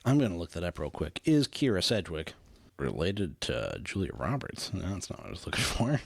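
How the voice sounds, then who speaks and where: A man's voice: deep voice, very animated, brisk, vocal fry, husky. A man co-hosting a podcast, recapping animatedly in casual chat, laughing often and swearing casually. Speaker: podcast co-host.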